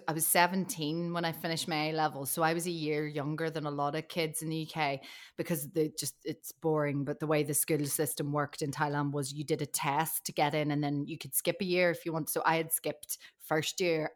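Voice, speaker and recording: A woman actress chatting as a podcast guest, telling animated stories and laughing often. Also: low-pitched, a little fast. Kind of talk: casual chat.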